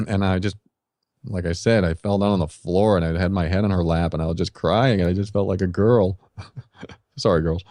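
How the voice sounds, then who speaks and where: Earnest middle-aged man, low mellow voice. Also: normal speed, no echo, studio quality. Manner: earnest, confessional, advice-giving. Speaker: podcast guest. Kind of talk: candid personal storytelling. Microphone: podcast microphone.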